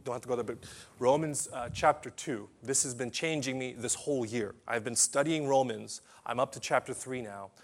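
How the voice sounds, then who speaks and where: A man delivering an impassioned sermon at a mid-range pitch. He swings between hushed, intimate passages and loud, rising emphasis, often repeating and restarting phrases as he presses his point. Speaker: preacher.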